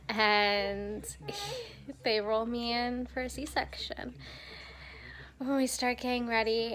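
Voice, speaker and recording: A young woman vlogger telling a personal story in a casual, animated way, acting out what others said to her. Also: medium pitch. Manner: animated retelling, acting out quoted dialogue.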